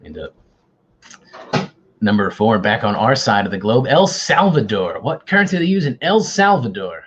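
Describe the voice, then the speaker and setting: A man's voice: fairly low pitch, big pitch swings, normal speed, fairly bright tone, husky, muffled recording. A man hosting an online quiz, bantering casually and teasing himself. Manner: joking, self-deprecating banter. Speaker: quiz host.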